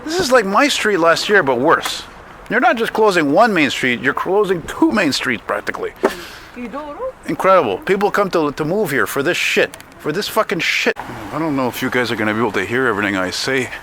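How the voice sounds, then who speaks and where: A man's voice: on the high side, very animated, brisk, bright, forceful tone. A man, walking city streets and talking casually to his camera, grumbling and swearing as he goes. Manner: profane, grumbling, chatty. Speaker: vlogger. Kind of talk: casual walking vlog commentary. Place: city streets outdoors, windy. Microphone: handheld camera mic while walking. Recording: outdoor street noise and wind. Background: street traffic and wind.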